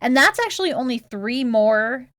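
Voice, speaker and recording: A woman's voice: on the high side, lively intonation, normal speed, fairly bright tone, no echo, clean studio sound. A woman co-hosting a casual podcast, chatty and laughing often, reading out research with fillers. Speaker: podcast co-host.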